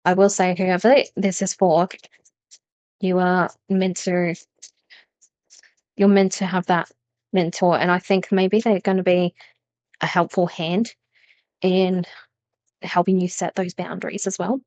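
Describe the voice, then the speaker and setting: A woman's voice: lowish voice, flat delivery, unhurried, pauses often, a little mellow, no echo. A woman giving a spiritual tarot reading to her viewers, talking earnestly and with emphasis, often repeating phrases. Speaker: tarot reader.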